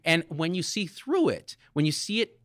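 A man in his forties talking as a podcast guest, excitable and animated, ranting with profanity and big swings in his voice. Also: normal speed, no room sound, clean studio sound. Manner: excitable, swings pitch widely, profane rants. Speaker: guest physician.

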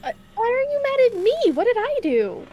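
Young woman streamer, high voice, excitable, curses a lot. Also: moderate pace, muffled recording. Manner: swears, excitable, laughing reactions. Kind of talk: live stream gameplay chat.

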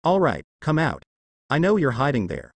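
A cocky, eager teenage ninja boy, voiced by a man reading the story. His lines swing up and down in pitch, in a dry, close recording. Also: wildly swooping pitch, moderate pace, creaky, no echo, exaggerated voice.

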